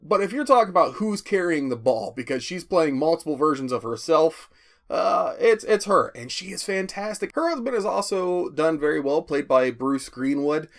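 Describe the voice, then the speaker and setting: A man's voice: fairly high pitch, lively intonation, moderate pace, creaky. Casual, profane male movie reviewer. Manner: rambling, profane, stammering restarts. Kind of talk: casual spoken film review.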